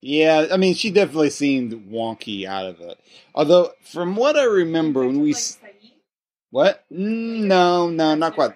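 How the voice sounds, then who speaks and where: A man's voice: on the high side, sing-song, normal speed, a little mellow. A man hosting a casual chat, talking in loose rambling stretches with many restarts. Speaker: podcast host.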